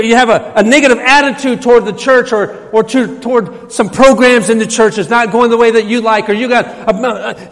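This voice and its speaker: Emphatic high-voiced man preaching in a hall. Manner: emphatic, repeating phrases, voice rising on quotes. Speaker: pastor. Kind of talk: sermon. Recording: hall reverb.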